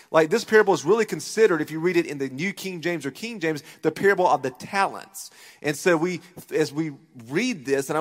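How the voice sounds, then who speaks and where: A male pastor preaching with lively energy, acting out the voices of the people he describes. His voice sits a little high and carries a long reverb from a big church room. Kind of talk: sermon. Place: church auditorium.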